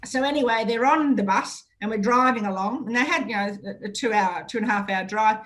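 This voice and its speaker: A woman with an Australian accent hosting a radio talk show, telling stories in a chatty, frank and lively way. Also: a little high, fairly quick, slight background noise. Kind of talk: casual radio interview.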